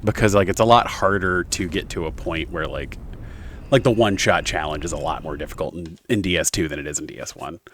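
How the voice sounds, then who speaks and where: A man's voice: low-pitched, a bit bright, slight background noise. A young man streaming a video game, rambling casually with lots of fillers and self-corrections. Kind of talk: casual gameplay commentary.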